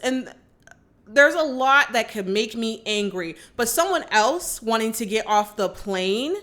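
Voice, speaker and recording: A woman casually retelling a film's plot for her channel, full of fillers and quick to scold the characters. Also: mid-range voice, a bit bright. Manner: chatty, lots of fillers like "like" and "you know"; gets indignant and scolding at characters. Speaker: movie reaction vlogger. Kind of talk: casual movie recap.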